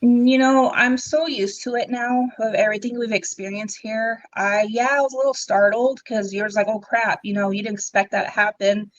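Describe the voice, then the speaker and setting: A young woman, a podcast guest, telling her own story in a casual, animated way, acting out what people said, with ums and laughs along the way. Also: fairly high pitch, moderate pace, few pauses, highs cut off. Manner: animated, acts out quoted dialogue, frequent ums and laughs. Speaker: interview guest.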